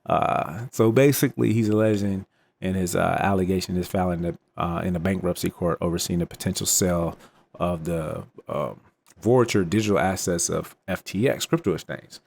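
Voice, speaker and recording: A man's voice: low voice, normal speed, gravelly, a little mellow, a little hiss or hum. A man hosting a crypto channel, talking through the news in a loose, chatty way with slangy asides. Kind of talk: casual news commentary vlog.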